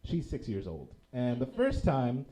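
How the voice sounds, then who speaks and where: A young man performing a stand-up comedy set, telling self-mocking stories in an animated way on a small theater stage. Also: mid-range voice, unhurried, rough recording.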